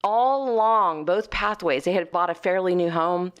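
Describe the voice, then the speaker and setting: A woman co-hosts a casual talk show. She speaks with emphasis and a fairly low pitch, and she leans into her points. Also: normal speed, clean tone. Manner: talkative, emphatic, quotes clients in lowered voice. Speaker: podcast co-host. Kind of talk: casual conversation.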